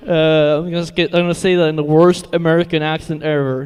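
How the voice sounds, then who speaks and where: High-voiced man rambling casually on stream. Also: fairly quick, few pauses, clean tone, big-room sound. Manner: rambling, profane, laughs often. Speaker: metal music streamer.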